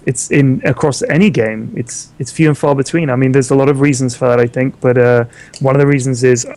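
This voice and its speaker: Quick British guy, middle pitch, chatty community host who rattles through his thoughts. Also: steady tone, darkish tone. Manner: rapid, thinks aloud with rhetorical questions, swears. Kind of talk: casual panel chat.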